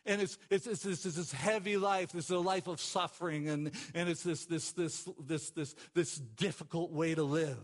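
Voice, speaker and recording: Male pastor, high-pitched, impassioned sermon delivery with repeated phrases. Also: fairly even intonation, moderate pace, hardly any pauses. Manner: impassioned preaching, rising to exclamations and dropping to quiet emphasis; repeats words and phrases for emphasis.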